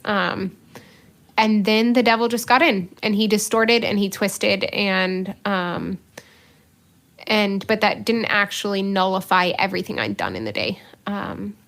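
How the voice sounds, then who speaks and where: A woman's voice: medium pitch, fairly bright tone. A woman who is a religious sister, co-hosting a podcast and telling a personal story in casual conversation, earnest and self-mocking, with many fillers.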